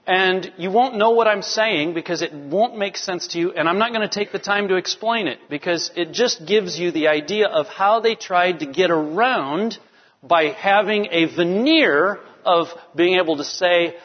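A man preaching a sermon as pastor, reading scripture and teaching in a measured way to his congregation. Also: sits high, slightly rough, big-room sound, lo-fi sound. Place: church sanctuary.

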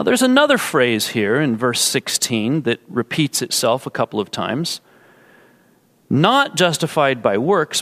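A man's voice: on the high side, a bit bright. A man preaching an expository sermon, explaining carefully and putting rhetorical questions to his listeners. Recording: long hall reverb.

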